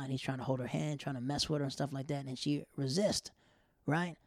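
A man's voice: medium pitch, quick pace, dry recording, studio quality. Rambling man telling a story. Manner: rambling, animated, acts out quotes. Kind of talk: casual storytelling.

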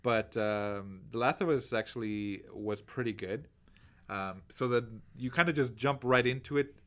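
A man co-hosting a casual podcast, relaxed and jokey, with many fillers as he talks. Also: medium pitch, measured pace. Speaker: podcast co-host.

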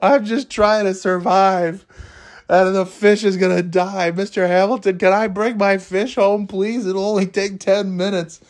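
A man's voice: high voice, little pitch movement, measured pace, voice pushed up. A man doing a whiny, panicked little boy. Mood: pleading. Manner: pleading, whiny. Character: whiny, panicked young schoolboy, anxious.

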